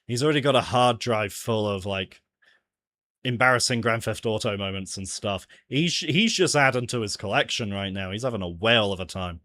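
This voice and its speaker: A man's voice: lowish voice, a bit bright, dry recording. A man chatting casually while working on his game live, often laughing and muttering to himself. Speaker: game developer streaming his jam entry.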